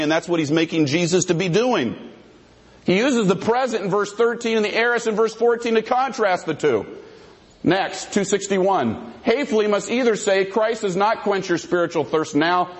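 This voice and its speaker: A man giving a combative theological debate presentation, reading verses aloud and picking apart their grammar. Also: high-pitched. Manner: combative, quotes and parses scripture.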